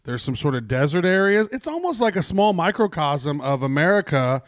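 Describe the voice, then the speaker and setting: Male podcast co-host, slightly raised pitch, dry close sound, rambling and profane casual delivery. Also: sing-song, moderate pace, dry recording. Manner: rambling, loose and profane, lots of fillers. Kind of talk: casual chat.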